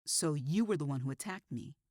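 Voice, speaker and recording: A woman voicing a frightened young female teacher who speaks quietly and huskily in a storybook reading. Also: low voice, lively intonation, brisk, dry recording, clean studio sound. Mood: scared. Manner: quiet, barely above a whisper. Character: scared young woman teacher under threat.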